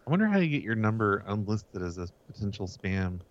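A man's voice: lowish voice, big pitch swings, brisk, highs cut off. A man co-hosting a casual show, reacting to phone calls with laid-back jokes. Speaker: co-host. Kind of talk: casual chat on a live call-in stream.

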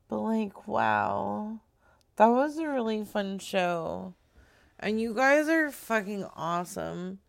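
A woman's voice: medium pitch, gravelly, a little mellow, clean tone. A woman streaming live, chatting casually with her audience and swearing freely.

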